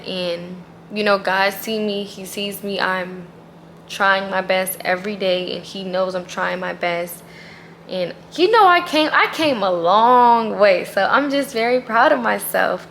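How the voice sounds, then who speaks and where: A woman's voice: medium pitch, gravelly, a bit bright, slight background noise. A woman vlogger talking casually and earnestly about her faith, emphatic and full of "like.". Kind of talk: casual faith vlog talk.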